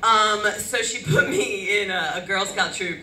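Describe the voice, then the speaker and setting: A woman's voice: mid-range voice, a little slow, bright, forceful tone, recorded from a distance, a little hiss or hum. A woman from upstate New York co-hosting a comedy panel, telling self-mocking stories. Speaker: comedy show co-host. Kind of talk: casual comedic panel chat. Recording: echoey live venue, mic from afar, crowd.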